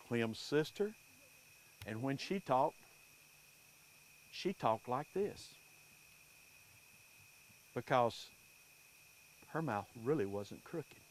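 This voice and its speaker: A man telling folk tales and superstitions to a live audience in an unhurried, animated way. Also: mid-range voice, slight background noise. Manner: unhurried, animated, folksy delivery. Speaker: storyteller.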